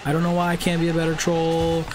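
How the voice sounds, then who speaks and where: A man putting on a slow, fumbling voice to mock a dim-witted young chat troll. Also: fairly high pitch, monotone, background noise, lightly acted. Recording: loud car game sounds behind.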